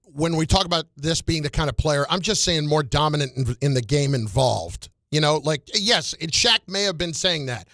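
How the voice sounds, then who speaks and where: A man's voice: a little high, animated, moderate pace, few pauses, pushed and bright, no room sound. A man hosting a sports talk radio show from a studio, carefully clarifying his points.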